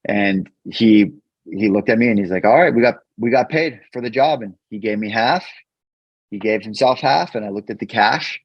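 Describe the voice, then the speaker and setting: Low-voiced man telling his recovery story. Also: no echo. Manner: earnest, halting, repeats words when emotional. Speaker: podcast guest. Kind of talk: candid personal storytelling. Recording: dull, dry podcast mic.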